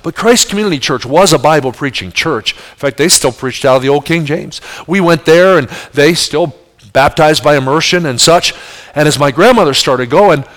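A man in his fifties with a New Jersey accent, preaching a sermon and telling his own story, swinging from loud emphatic questions to soft, hushed passages. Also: on the high side, moderate pace. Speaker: pastor.

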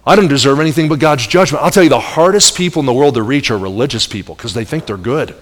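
A middle-aged man preaching a sermon as pastor, animated, with emphatic rising peaks and soft asides. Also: medium pitch, fast, few pauses. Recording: long hall reverb.

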